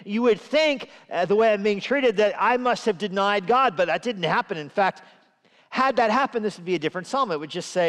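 Animated male preacher in an echoey hall. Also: fairly quick. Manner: animated, rising in pitch and volume when quoting scripture. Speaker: pastor. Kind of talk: sermon. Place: church sanctuary. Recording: echoey church hall reverb.

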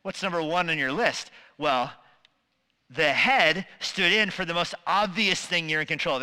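Guy preaching a sermon, bright forceful voice, long church reverb, acts out little voices. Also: on the high side, normal speed. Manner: animated, acts out quoted voices. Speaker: pastor. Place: church sanctuary.

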